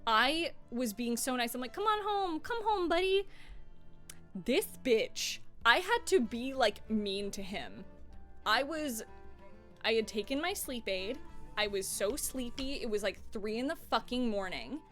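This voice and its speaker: A woman's voice: fairly high pitch, expressive, unhurried, pushed and bright, soft background music. A young woman streaming from her home desk, chatting casually while she crafts, playful and swearing freely.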